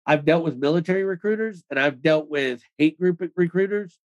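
Man, interview guest, casual storytelling, rapid loose talk, filler "like", swearing. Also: fairly high pitch, lo-fi sound. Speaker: interview guest, former extremist.

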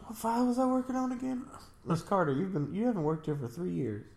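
Brief: man, somewhat high voice, playful banter that swings up and down, roomy echo. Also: animated, a little fast, creaky, a little mellow. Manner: playful, laughs often, riffs on the scenes. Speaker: game player. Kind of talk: joking let's-play banter.

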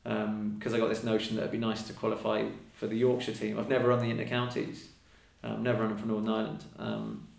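Gravelly-voiced man chatting in a roomy space. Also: lowish voice, monotone, fast, hardly any pauses. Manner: chatty, acts out quoted exchanges. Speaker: podcast guest, elite mountain runner. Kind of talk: casual conversation. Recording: roomy echo.

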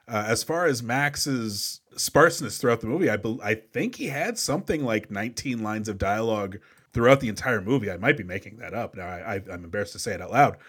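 A man co-hosting a movie podcast, chatting in an emphatic, animated way. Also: mid-range voice, husky. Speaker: podcast co-host. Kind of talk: casual movie podcast chat.

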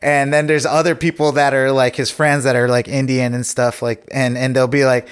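A young adult man talks as a guest on a podcast, in an easygoing, meandering way. His voice sits at an ordinary middle pitch. He pads nearly every thought with "like" and "you know". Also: level tone, normal speed, smooth. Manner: rambling, heavy with "like" and "you know". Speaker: actor guest. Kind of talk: casual podcast chat.

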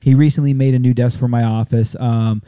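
A man hosts a loose, joking chat, his voice mellow and dark. He plugs things with eager enthusiasm. The sound is dry and close. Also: medium pitch, fairly even intonation, brisk, clean tone, no echo. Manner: jokey, enthusiastic promoter. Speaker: podcast host. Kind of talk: casual chat.

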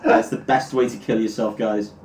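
A man's voice: on the low side, steady tone, normal speed, a little mellow. A young man co-hosting a comedy podcast, tossing in wry, sarcastic remarks. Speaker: podcast co-host reacting. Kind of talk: jokey banter. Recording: roomy echo with faint noise.

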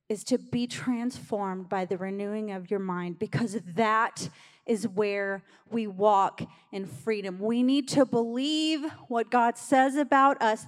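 Woman pastor, fairly high voice, conversational sermon, long church-hall reverb. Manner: conversational, urging the congregation along. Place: church sanctuary.

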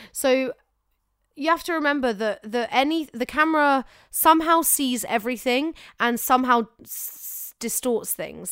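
Brief: young female actor, smooth clear voice, slightly high, chatty advice. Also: no echo, clean studio sound. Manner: chatty, animated, self-correcting. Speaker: actor giving career advice. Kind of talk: casual advice chat.

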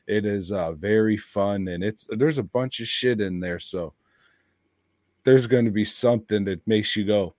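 A man's voice: low-pitched, darkish tone, no room sound, studio quality. A man co-hosting a podcast, talking in a rambling, profane, laid-back way about movies. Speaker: podcast co-host. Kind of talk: casual chat.

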